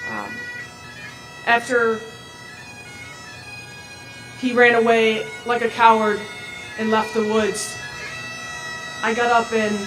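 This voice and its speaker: A woman giving personal testimony in a measured, halting way. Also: fairly high pitch, rough recording.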